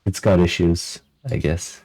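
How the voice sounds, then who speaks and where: A man's voice: sits low, little pitch movement, measured pace, dark tone, poor audio. A man streaming a fantasy role-playing game, reading dialogue aloud and reacting playfully. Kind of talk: casual let's-play commentary.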